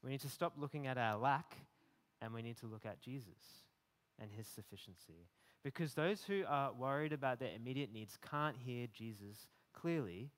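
Casual preacher in a reverberant hall. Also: male voice, medium pitch, normal speed. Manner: conversational, many fillers and restarts; animated when voicing imagined rebukes. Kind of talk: sermon.

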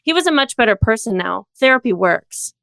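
A woman reading a comedic story aloud in a deadpan storytelling manner on a close studio mic. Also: a little high, a little fast, vocal fry, no room sound. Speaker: co-host reading fan fiction.

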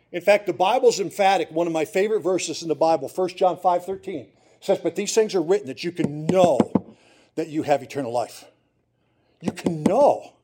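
A man's voice: high-pitched, darkish tone. A middle-aged male pastor preaching a sermon in church, earnest and pleading, repeating words for emphasis.

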